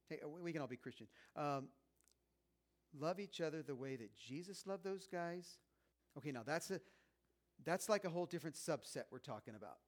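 Animated, chatty male preacher. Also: fairly high pitch. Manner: animated and conversational, swings between loud and hushed. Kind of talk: sermon.

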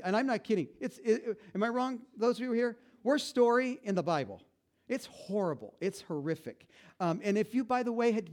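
Middle-aged guy pastor, kinda high voice, rambly joking sermon to the church crowd. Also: a little mellow. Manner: conversational, self-interrupting, joking with the congregation.

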